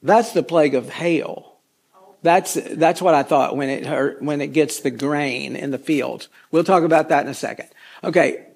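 A man's voice: on the high side, normal speed, creaky, darkish tone. A man teaching a casual Bible study, folksy and rambling with chatty asides.

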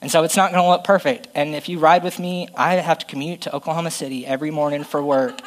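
A man's voice: a little high, fairly even intonation, quick pace, slight background noise, poor audio. A man preaching a conversational, self-deprecating sermon and reading Bible passages aloud.

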